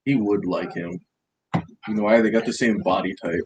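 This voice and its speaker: Male podcast co-host, lower register, crude teasing banter, faint background noise. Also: steady tone. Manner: profane, teasing, quick roasting jokes.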